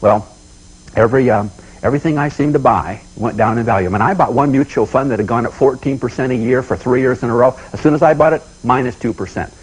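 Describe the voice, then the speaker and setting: A man giving a motivational seminar talk, telling folksy personal stories in an animated way and often repeating himself. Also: mid-range voice, husky, rough recording. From United States. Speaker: seminar speaker.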